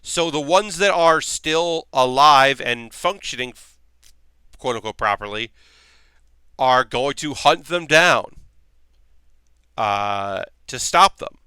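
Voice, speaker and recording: A man's voice: medium pitch, expressive, slow, long pauses, pushed and bright, smooth, no echo. A man hosting a livestream, chatting loosely and profanely and answering comments from chat as he talks. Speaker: livestream host.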